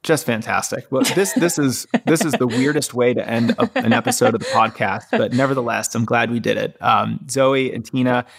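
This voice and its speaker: A man's voice: medium pitch, moderate pace, vocal fry, hardly any pauses. A man hosting a running podcast, talking in an enthusiastic, friendly way with some filler words. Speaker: podcast host. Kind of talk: casual podcast interview.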